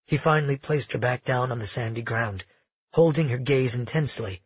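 A man narrating a romance audiobook in a measured, intimate storytelling manner. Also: mid-range voice, husky, no room sound, lo-fi sound.

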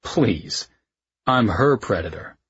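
A man's voice: lowish voice, expressive, slow, fairly bright tone, slightly rough, dull audio, exaggerated voice. A man voicing a bookish, joking young husband, playful and teasing, in an audiobook. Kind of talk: audiobook character voice.

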